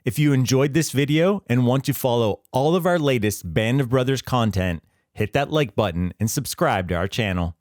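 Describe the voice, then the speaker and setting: A man reading a scripted history explainer in a measured, explanatory way. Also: medium pitch, expressive, darkish tone, dry recording. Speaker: history channel narrator. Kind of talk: scripted narration.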